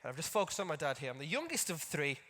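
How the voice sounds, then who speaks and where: A man's voice: on the high side, big pitch swings, rapid-fire, pushed and bright. A man telling a personal story at a conference, talking in a conversational way with self-mocking asides to the audience. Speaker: conference speaker. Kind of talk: storytelling stage talk. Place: large conference hall stage. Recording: long hall reverb from a stage.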